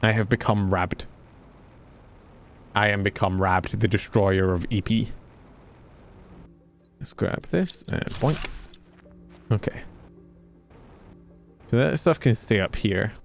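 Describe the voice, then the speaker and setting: Scottish man, lowish voice, joking streamer. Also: gravelly. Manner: chatty, joking, swears freely, talks to chat while playing. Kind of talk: casual game-stream chat.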